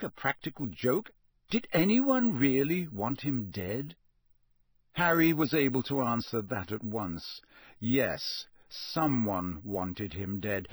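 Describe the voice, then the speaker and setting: A man reading an audiobook in a measured, steady storytelling voice. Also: medium pitch, breathy edge, no echo, studio quality. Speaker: narrator. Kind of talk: audiobook narration.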